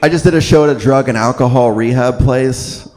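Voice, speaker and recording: A man doing a stand-up comedy set on a club stage, telling deadpan stories full of swearing and quick put-on voices. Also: mid-range voice. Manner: deadpan storytelling, swears, acts out other voices. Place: comedy club stage before a live audience.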